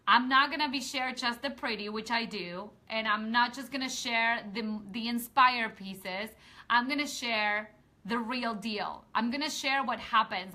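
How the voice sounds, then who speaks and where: Earnest and heartfelt, a woman addresses her viewers directly in a casual live video she hosts as a women's empowerment coach. Her voice is bright, forceful, and a little high, and after rambling and restarting sentences she rallies the audience with stirring calls to action.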